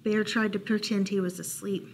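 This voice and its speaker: A woman librarian reading a bedtime picture book aloud, gentle and unhurried, with playful asides. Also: mid-range voice, level tone, gravelly, slightly rough. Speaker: children's librarian storyteller.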